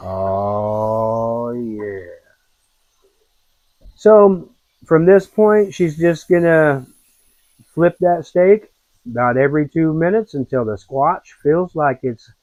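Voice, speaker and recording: An easygoing man narrates a home cooking session in a slow, unhurried drawl. His voice has a middling pitch. The sound is dry and slightly dull, like a lo-fi recording. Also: no room sound. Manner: relaxed, folksy, rambling with fillers. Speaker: cooking show host.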